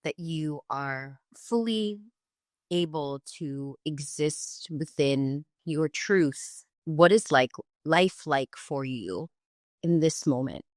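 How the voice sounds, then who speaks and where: A woman's voice: deep voice, slow pace, no room sound, studio quality. A woman podcast host asking long, winding questions in a playful, teasing way. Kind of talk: casual interview questions.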